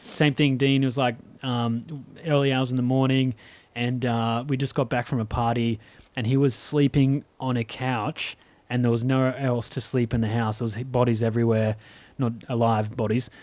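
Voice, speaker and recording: A man's voice: mid-range voice, level tone, moderate pace, a little mellow, dry recording. A man co-hosting a podcast, telling rambling anecdotes full of restarts and laughter. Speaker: podcast co-host. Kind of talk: casual storytelling chat.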